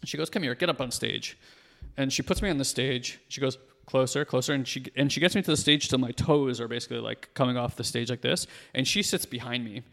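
A man in his thirties, a podcast guest in casual conversation, talking fast and animated with lots of fillers. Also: mid-range voice, vocal fry, in a large hall.

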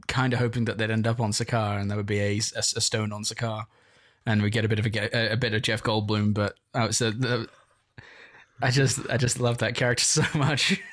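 A man's voice: fairly low pitch, flat delivery, brisk, a bit bright. A young man co-hosting a casual film review chat, hesitant with many fillers but enthusiastic. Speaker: podcast co-host.

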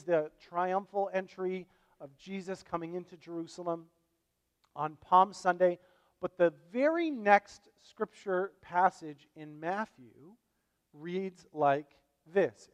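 A man delivers a Sunday sermon as pastor, talking in a loose, conversational way full of asides. His voice sits high for a man. The sound carries the long reverb of a church hall. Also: muffled recording. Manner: conversational, animated preaching with asides.

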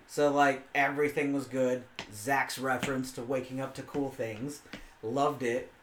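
A man's voice: mid-range voice, little pitch movement, a little slow, fairly bright tone, roomy sound, a little hiss or hum. A young man telling crude, profane stories in a casual chat among friends. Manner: crude storytelling, heavy swearing.

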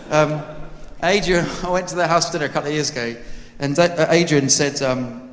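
A man's voice: on the high side, fairly quick. A man preaching a sermon to his church, earnest and conversational, joking with the congregation. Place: church hall. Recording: echoey hall with long reverb.

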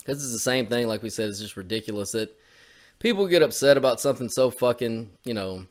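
A man's voice: mid-range voice, a little fast. A young man co-hosting a podcast, tossing out blunt, dry one-liners and heavy swearing. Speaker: podcast co-host. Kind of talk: crude comedic podcast banter.

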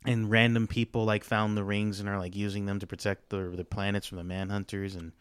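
A man chatting casually as a guest on a podcast, rambling through his thoughts with plenty of fillers and restarts. His voice is smooth and a little low, recorded close and dry. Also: flat delivery, fairly quick, dry recording. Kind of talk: casual chat.

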